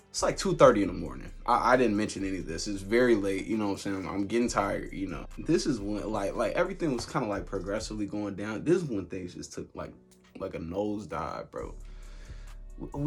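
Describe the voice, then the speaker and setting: A young man telling a casual, animated storytime on his vlog, full of filler words and laughter. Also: on the low side, husky. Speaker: vlogger.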